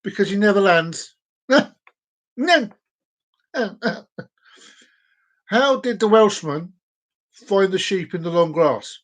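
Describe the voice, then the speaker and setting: Jokey man, slightly high voice. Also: animated, slow, long pauses, a bit bright. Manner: jokey and rambling, with groan-worthy puns; chats directly to viewers by name. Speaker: live stream host. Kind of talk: casual live-stream chat.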